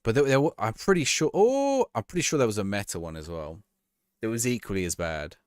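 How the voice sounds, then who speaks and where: Reacting to a match on a live stream, a man chats casually with his viewers and laughs as he goes. His lowish, smooth voice is very animated and a little fast. The audio is studio quality with no room sound.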